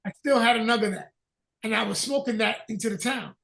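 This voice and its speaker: A man with a Northern US accent telling a profane, animated story in casual chat on a video call. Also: high voice, brisk, creaky, reverberant, far from the mic. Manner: profane, animated storyteller who acts out dialogue. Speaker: podcast host.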